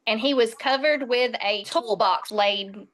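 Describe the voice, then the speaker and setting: Woman relative, interviewee, slightly high, matter-of-fact. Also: a little slow, fairly bright tone. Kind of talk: documentary interview.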